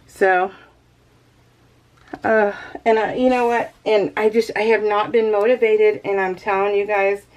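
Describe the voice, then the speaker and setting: A woman's voice: medium pitch, level tone, measured pace. A woman vlogging at home in a casual, rambling chat, often breaking into laughter. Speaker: crafting vlogger.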